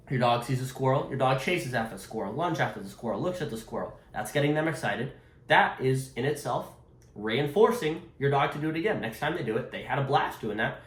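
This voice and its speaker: A man who trains dogs talks straight to his viewers, driving each point home with emphasis and repetition. His voice sits a little higher than most men's. The room around him rings with a noticeable echo. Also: a bit bright. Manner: direct, emphatic, repeats key points. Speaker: dog trainer. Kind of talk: instructional talk to camera.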